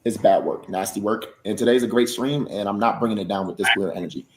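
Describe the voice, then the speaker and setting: A man's voice: lowish voice, quick pace, background noise. A man talking casually on a livestream in a subdued, serious way, repeating himself as he makes his point.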